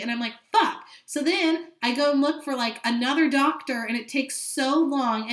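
A woman's voice: fairly high pitch, a bit bright, reverberant. A woman in her late twenties hosting a solo podcast, speaking frankly and with lots of swearing as she vents with dramatic asides. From California. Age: late 20s. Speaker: podcast host. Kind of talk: candid solo podcast monologue.

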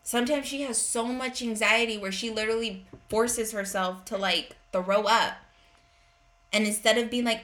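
A woman's voice: a little high, fairly even intonation, moderate pace, a bit bright. A woman in her thirties hosting a parenting podcast, speaking earnestly and directly in a conversational monologue.

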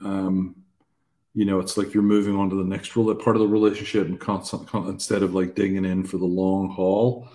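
A man's voice: low voice, flat delivery, a little fast, mellow. A man co-hosting a podcast in casual conversation about faith, joking at his own expense and then turning earnest. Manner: jokey and self-deprecating, then earnest. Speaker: podcast co-host.

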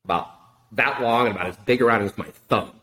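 A middle-aged man telling a story casually in an interview, animated and profane, acting out the dialogue. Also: medium pitch, fast. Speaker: podcast guest, wine consultant.

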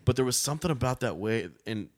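A man's voice: medium pitch, animated, fast, a little mellow, no room sound, studio quality. A man, a bartender telling laid-back stories in casual chat and laughing through them. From Texas. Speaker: bartender, podcast guest.

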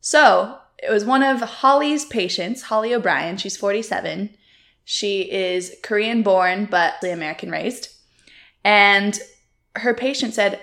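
A young adult woman co-hosting a casual chat, reacting warmly and then telling her own story. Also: medium pitch, measured pace, creaky. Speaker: podcast co-host.

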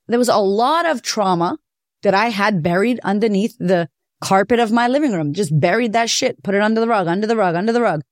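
A woman hosting a podcast, telling her own story in a candid, profane, animated way. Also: medium pitch, no room sound, studio quality. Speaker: podcast host. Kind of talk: personal confessional monologue.

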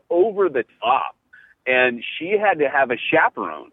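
A middle-aged man, a pastor and podcast host, telling stories in casual chat, animated and full of "you know" and restarts. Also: medium pitch, moderate pace, breathy edge, no room sound. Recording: tinny phone-like line, dry.

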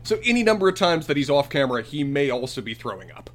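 A man with a slightly high voice whose pitch swings widely as he talks. He co-hosts a podcast in a relaxed, conversational way. He walks through a TV episode with dry, playful asides. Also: fast. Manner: wry, storytelling recap with playful asides. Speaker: podcast co-host. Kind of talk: casual chat, episode recap.

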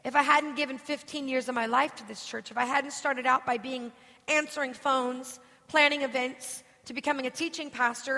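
High, bright-voiced woman preaching a story. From United States. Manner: animated, emotional storytelling with rhetorical questions to the audience. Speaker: guest preacher. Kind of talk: storytelling sermon. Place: church hall. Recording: reverberant church hall.

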